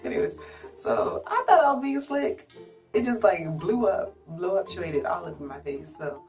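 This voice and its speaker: Young woman vlogger, animated storyteller, slightly low voice, faint music behind. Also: moderate pace. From United States. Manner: animated, chatty, acts out dialogue in other voices. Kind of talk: casual storytelling to camera.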